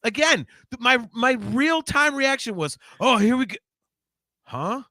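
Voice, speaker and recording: Brief: male podcast co-host, high lively bright voice, profane animated ranter, dry close mic. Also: a little slow, dry recording. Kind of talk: casual chat.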